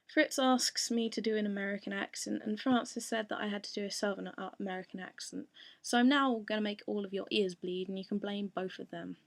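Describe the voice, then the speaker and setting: A young woman talks casually through fan questions, pausing often and filling the gaps with ums. Her voice is mid-pitched with a noticeable gravelly fry. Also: no room sound. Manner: hesitant, with many pauses and ums.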